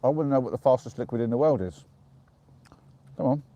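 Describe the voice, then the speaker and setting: An English man chatting casually on a live stream from the dark woods at night, giggling as he reads out viewer jokes. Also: medium pitch, lively intonation, quick pace, lo-fi sound. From England.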